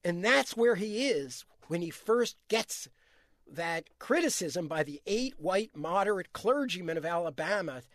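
A man's voice: high voice, lively intonation, a little slow, a bit bright, no echo, studio quality. A man, an author answering interview questions, telling history earnestly with frequent restarts.

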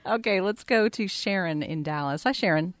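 A woman hosting a radio call-in show, brisk and friendly as she moves through callers. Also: lowish voice, no room sound. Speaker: radio host.

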